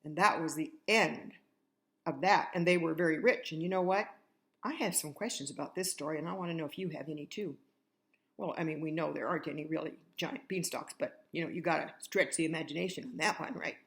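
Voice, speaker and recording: A woman's voice: sits low, a little fast. An older woman, a grandmother, telling a children's fairy tale in a chatty way, talking straight to the kids. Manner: chatty, talks directly to children. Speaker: grandmother storyteller. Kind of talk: children's story reading.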